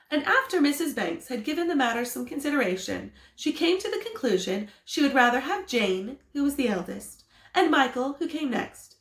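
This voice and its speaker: A woman reading a storybook aloud to children as a theatre school storyteller, in an expressive, animated way. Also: on the high side. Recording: roomy echo.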